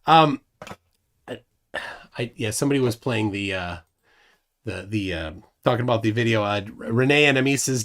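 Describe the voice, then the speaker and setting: A man's voice: medium pitch, moderate pace, pauses often, fairly bright tone. A middle-aged man hosting a casual live stream, joking and rambling with self-deprecating asides.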